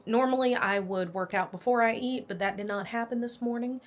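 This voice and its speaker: A woman's voice: on the high side, brisk. A pregnant young woman vlogging casually, animatedly retelling a doctor's visit and acting out the quotes. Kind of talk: casual storytelling vlog.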